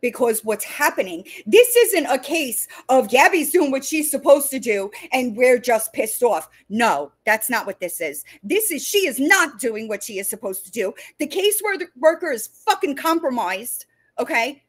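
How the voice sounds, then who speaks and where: A woman hosts a heated livestream rant, her voice sitting a little high. She swears freely and stumbles through restarts when her anger boils over. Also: very animated, normal speed. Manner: angry, profane, stumbling restarts. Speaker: livestream host.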